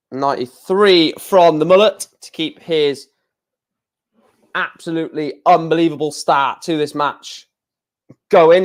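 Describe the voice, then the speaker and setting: A man hosting a live darts watchalong, calling out scores in short bursts between chatty asides. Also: sits high. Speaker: stream host.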